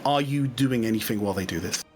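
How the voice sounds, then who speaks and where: A man running a tabletop game as game master, narrating in a relaxed, chuckling way. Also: on the low side, quick pace, slight background noise.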